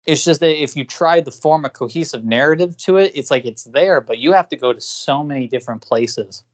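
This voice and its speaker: A man's voice: on the high side, a little fast. Rambling man co-hosting a podcast. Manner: rambling, filler-heavy, frequent restarts. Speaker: podcast co-host. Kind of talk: casual podcast discussion.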